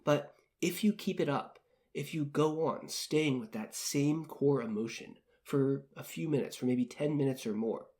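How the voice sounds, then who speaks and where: Man calmly guiding a self-help exercise. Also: on the high side, unhurried. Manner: calm, repetitive, gently coaching. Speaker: podcast host. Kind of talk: guided self-help talk.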